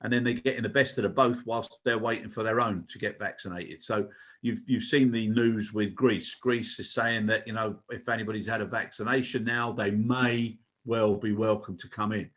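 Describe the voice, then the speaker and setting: A man's voice: on the low side, steady tone, moderate pace, fairly bright tone. An older man co-hosting a podcast, chatting earnestly and making his case. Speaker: co-host. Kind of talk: casual podcast chat.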